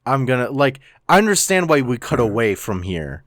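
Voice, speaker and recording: A man's voice: mid-range voice, sing-song, normal speed, dry recording, studio quality. A man co-hosting a casual podcast chat, enthusiastic and swearing casually. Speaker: podcast co-host. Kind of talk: casual chat reviewing a chapter.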